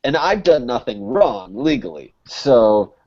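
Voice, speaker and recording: A young man from Connecticut tells a long, rambling story on a podcast, filling every pause with "like" and swearing freely. His medium-pitched voice is sing-song and slightly mellow, captured on a dull lo-fi podcast recording.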